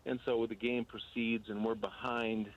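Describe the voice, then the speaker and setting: A man's voice: medium pitch, little pitch movement, normal speed, dull audio. A man, a former basketball player, telling a rambling story from his playing days in an interview, with fillers and restarts.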